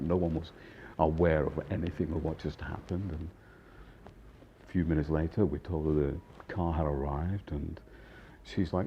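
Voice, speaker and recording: A man in his fifties, a chef, telling a casual anecdote in an animated way, acting out voices and laughing often. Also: rumbling low, measured pace, lo-fi sound, a little hiss or hum. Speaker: chef and storyteller.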